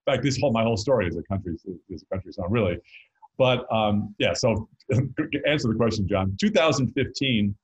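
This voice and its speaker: Middle-aged male guest, low husky voice, chatty storyteller who jokes and restarts sentences. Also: animated, fairly quick, dull audio. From North Carolina. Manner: rambling, self-interrupting, joking. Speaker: guest musician and author. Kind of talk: casual interview storytelling.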